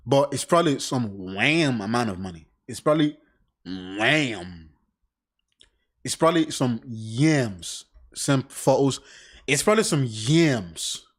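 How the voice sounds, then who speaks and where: A man reading a crime case aloud and reacting casually, blunt and swearing often, with animated side remarks. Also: medium pitch, a little slow. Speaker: reaction commentator.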